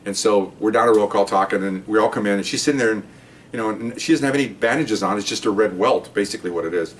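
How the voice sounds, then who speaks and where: A retired police veteran, an older man, recounts a story from his years on the job in a casual, chatty way. He talks fast in a somewhat low voice, now and then tossing in "okay?" and jumping up in pitch to act out what others said. His voice sounds a little distant from the microphone. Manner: chatty, repeats "okay?" and acts out quotes in higher voices. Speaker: retired police officer telling stories.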